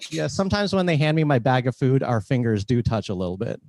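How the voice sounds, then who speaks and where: A young man doing a clean stand-up set over a video call, wry and self-mocking, slipping into deadpan voices for the people in his stories. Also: medium pitch, fast. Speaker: stand-up comedian.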